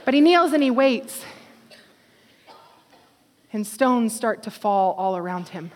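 Woman preacher, high voice, fervent sermon delivery with soft intimate drops, long hall reverb. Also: expressive, slow pace, slight background noise. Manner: passionate, rising to fervent exhortation and dropping to quiet intimacy.

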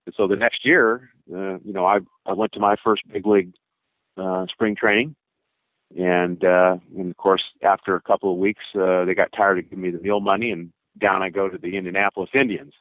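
An older man with a low voice tells rambling stories from his playing days, full of fillers and acted-out quotes. The sound is dry and tinny, like a phone line. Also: steady tone, brisk, no echo. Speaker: former baseball pitcher. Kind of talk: storytelling interview answers.

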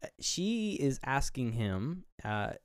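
Male podcast co-host, mid pitch, loose filler-heavy movie recap, dry close mic. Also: sing-song, slow, clean tone, no echo. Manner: retells scenes, briefly voicing characters.

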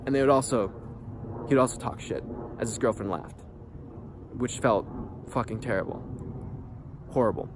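A man vlogging, telling a candid personal story in a profane, animated, rambling way. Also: mid-range voice, normal speed, pauses often, noisy background.

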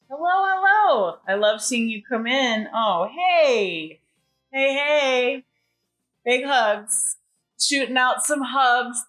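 A woman's voice: mid-range voice, bright, forceful tone. A woman hosting a casual livestream from home, bubbly and chatty, greeting viewers as they join. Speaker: livestream host.

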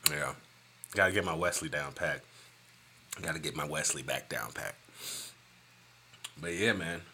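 A man hosting a casual solo podcast, ranting in an animated, profane, joking way. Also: extremely low pitch, slow, long pauses, slight background noise. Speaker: podcast host.

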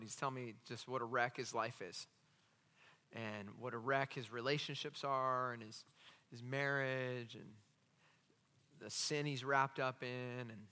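A man preaching as a pastor, telling stories with acted-out dialogue and jokey asides. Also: medium pitch. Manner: animated, acts out dialogue in the stories. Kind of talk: sermon with storytelling. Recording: long hall reverb.

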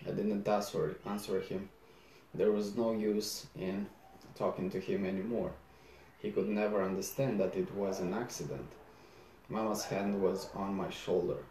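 A man reading a novel aloud in first person, low-key and unhurried, with small slips and restarts. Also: steady tone, mellow, a little hiss or hum. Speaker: audiobook reader. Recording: roomy echo.

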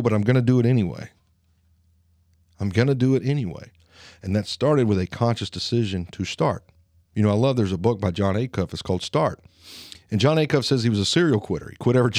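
A man in his late thirties with a Southern Alabama twang talks straight to his listeners in a reflective podcast monologue. His voice sits in a middle register and sounds dry and close. He speaks earnestly and slowly, leaning on pauses to drive his points home. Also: mid-range voice, a little mellow, no echo. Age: 30s. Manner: earnest, slow, pausing for emphasis. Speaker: podcast host.

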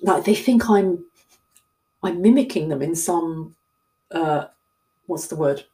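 A middle-aged woman with a southern English accent talks to camera like a coach catching up with her followers. Her voice sits a little low and sounds mellow and relaxed. She rambles and pokes fun at herself as she goes. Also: measured pace, long pauses. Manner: chatty, rambling, self-deprecating. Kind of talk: casual talk to camera.

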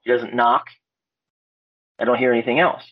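A man's voice: moderate pace, no room sound. Laid-back man from Alaska telling stories. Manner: animated, acts out quotes with loud high-pitched voices; laid-back, frequent fillers and swearing. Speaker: podcast guest. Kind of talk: casual storytelling. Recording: dull lo-fi podcast audio.

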